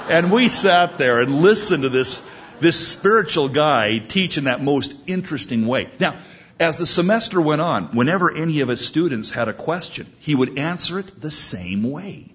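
A man's voice: a little high, lively intonation, normal speed, a bit bright, muffled recording, slight background noise. A male pastor preaching a sermon, telling a story with emphatic delivery.

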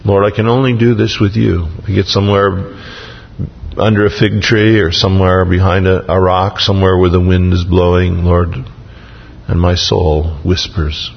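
A man's voice: on the low side, gravelly, breathy edge, long reverb tail, lo-fi sound. A man preaching a sermon, reading scripture with rising emphasis and dropping folksy asides between verses. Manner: slow, reads scripture aloud with rising emphasis. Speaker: pastor.

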